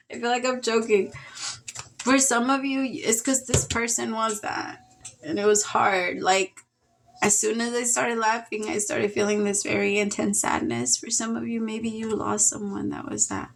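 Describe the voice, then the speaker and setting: Woman tarot reader, casual and heartfelt, rambling delivery with sighs, mid-pitched voice. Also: steady tone, moderate pace, vocal fry, slight background noise. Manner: emotional, rambling, with sighs and laughs. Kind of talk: casual spoken tarot reading.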